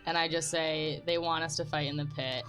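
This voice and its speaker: Calm woman player, faint music behind. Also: low-pitched, a little fast, low-quality recording.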